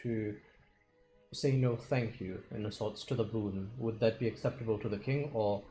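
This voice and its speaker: Man, tabletop player, warm dark tone, polite, hesitant. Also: lowish voice, steady tone, normal speed, faint music behind, rough recording. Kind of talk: tabletop role-play.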